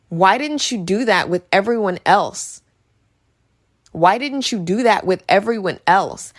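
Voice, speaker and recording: A woman's voice: mid-range voice, lively intonation, measured pace. A woman giving a casual, sarcastic movie review, ranting and repeating herself for emphasis.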